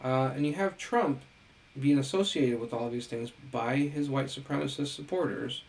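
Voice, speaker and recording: Gravelly-voiced man giving a casual lecture. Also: mid-range voice, normal speed, rough recording. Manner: conversational, asks rhetorical questions, frequent "right?". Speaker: education lecturer. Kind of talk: recorded lecture to camera.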